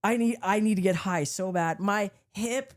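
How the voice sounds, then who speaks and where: A woman's voice: medium pitch, moderate pace. A woman podcast host telling a story in casual chat, laughing often and swearing freely as she acts out the other people in it. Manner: animated, laughing, swearing freely, acting out voices.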